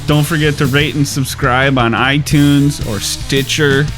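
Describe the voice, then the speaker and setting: A man hosting a history podcast, explaining in a relaxed, casual way and wrapping up the show. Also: medium pitch, unhurried, music in the background. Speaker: podcast host.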